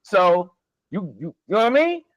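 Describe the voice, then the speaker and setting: A man argues hard in a casual conversation. He swears freely and breaks into laughter often. His voice sits high for a man, and the recording is dry and close. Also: very animated, normal speed, no echo, lo-fi sound. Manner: emphatic, profane, laughing often. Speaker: podcast co-host.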